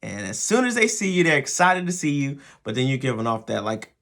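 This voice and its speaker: A man's voice: medium pitch, big pitch swings, a little fast, fairly bright tone. A man hosting a show for fathers, talking through his advice casually and often checking in with "right?". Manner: conversational, repeats words and asks "right?" often. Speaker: host.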